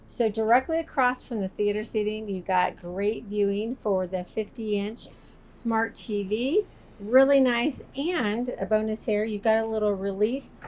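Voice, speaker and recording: A woman's voice: mid-range voice, measured pace, a little mellow, slight background noise. A woman presenting a walk-through tour inside a motorhome, upbeat and chatty like an enthusiastic salesperson. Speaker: RV sales expert giving a tour.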